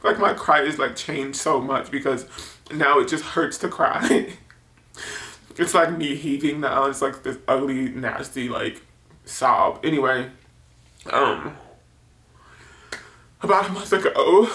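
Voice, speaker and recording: Bright-voiced young man in echoey room. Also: mid-range voice, takes it slowly, pauses often. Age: 20s. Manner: rambling, heavy use of filler "like", nervous laughs. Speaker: YouTuber. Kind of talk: casual confessional vlog. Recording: roomy echo.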